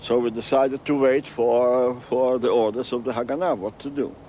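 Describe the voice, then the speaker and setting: Older male interviewee, halting second-language English, repeats himself, faint street noise behind. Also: mid-range voice, fairly even intonation, warm tone. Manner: halting, repeats phrases, non-native English grammar. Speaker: interviewee recounting memories. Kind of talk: storytelling interview.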